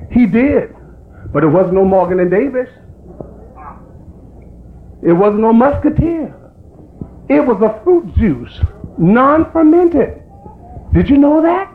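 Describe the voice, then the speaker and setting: A man preaching a fiery sermon that rises into shouting. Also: very high voice. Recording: tinny lo-fi recording with faint hiss.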